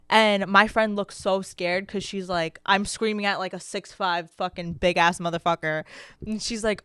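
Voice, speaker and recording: This is a young woman co-hosting a podcast, speaking at normal speed in a clear, resonant mid-range voice. The studio sound is clean with no room sound, and she tells stories casually, swearing freely and animatedly acting out quotes.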